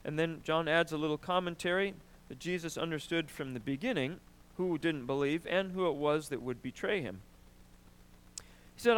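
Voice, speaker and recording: A man preaching a sermon, emphatic and animated, often asking "right?" and clearing his throat. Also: a little high, moderate pace. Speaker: pastor.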